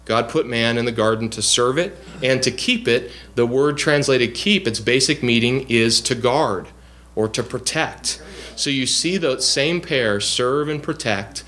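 A man's voice: medium pitch, measured pace, fairly bright tone. A man preaching a bible lesson, explaining scripture earnestly with frequent fillers and restarts. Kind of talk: bible teaching sermon.

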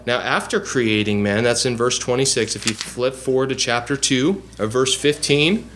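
A man's voice: medium pitch, moderate pace, fairly bright tone, a little hiss or hum. A man preaching a bible lesson, explaining scripture earnestly with frequent fillers and restarts. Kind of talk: bible teaching sermon.

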